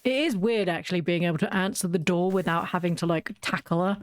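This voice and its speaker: A woman's voice: lowish voice, fast, dry recording. A woman chatting casually while playing a video game, telling rambling stories and giggling often. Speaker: gaming video host. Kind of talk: casual gameplay chat.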